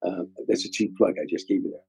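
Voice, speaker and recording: The speaker, an older guest comedian from the Chicago area, USA, talks fast in a low-pitched voice that's husky and dark-toned, with vocal fry. His interview stories are rambling and heartfelt, with lots of repeated words. The recording is low quality with no echo.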